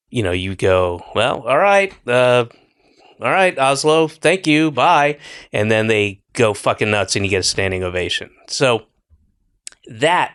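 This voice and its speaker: A man's voice: fairly low pitch, a bit bright, clean tone, no room sound, studio quality. Man rambling, profane podcast host. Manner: rambling, profane, jokey storytelling with mimicked voices. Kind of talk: casual chat.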